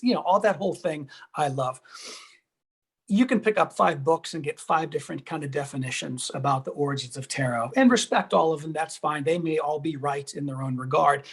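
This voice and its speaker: A man's voice: fairly high pitch, breathy edge. A man being interviewed over a video call, earnest and enthusiastic, often repeating words as he searches for them. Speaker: guest, tarot teacher.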